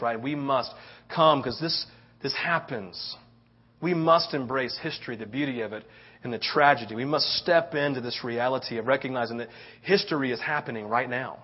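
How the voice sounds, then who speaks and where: A man's voice: medium pitch, slightly rough. A middle-aged man preaching a sermon, telling a story with lots of "right?" tag questions. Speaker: pastor. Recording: dull lo-fi sound.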